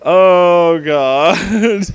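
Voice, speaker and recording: A young man reading fan fiction excerpts aloud in a deadpan voice, often breaking off in disbelief and laughing as he comments. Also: sits high, drawn-out words, clear, resonant tone, no echo.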